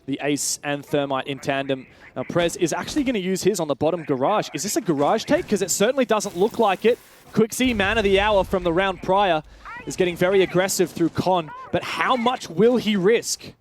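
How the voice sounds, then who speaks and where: A very high-pitched man calling an esports match. He talks quickly and pushes up into excited shouts whenever the action turns. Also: a little hiss or hum. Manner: fast, rising to shouts at big plays. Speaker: play-by-play caster. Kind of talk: esports commentary.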